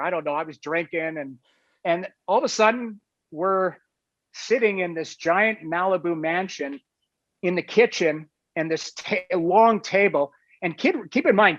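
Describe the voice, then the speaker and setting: A talk show guest tells a casual anecdote in a rambling way, full of "like" and "you know". His voice is high-pitched and a bit bright. The sound is dull, lo-fi and dry, with no room sound.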